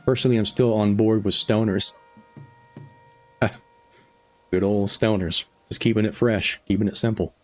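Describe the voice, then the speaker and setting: Deep voiced guy on a late night game stream, kinda tired, rambly and laughing with chat. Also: fairly even intonation, normal speed, long pauses, no room sound, soft background music. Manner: rambling, chuckling, chatting with viewers while gaming. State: tired after hours of streaming. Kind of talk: casual live stream chat.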